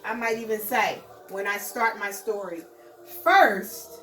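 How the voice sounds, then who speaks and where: A woman's voice: mid-range voice, steady tone, normal speed, a bit bright, echoey room, distant mic, faint music behind, rough recording. A woman teaching a recorded lesson to young children in a sing-song, encouraging way, stressing words for emphasis.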